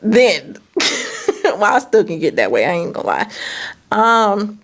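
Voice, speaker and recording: Gravelly-voiced woman telling a candid story. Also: mid-range voice, slow. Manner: candid, animated, swears freely. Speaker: business owner and vlogger. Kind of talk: storytime vlog.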